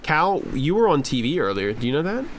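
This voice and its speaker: A man's voice: a little high, very animated, fairly quick, slight background noise. A man reviewing gameplay footage live, coaching a player in a casual, encouraging way and repeating his instructions. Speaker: streamer coach.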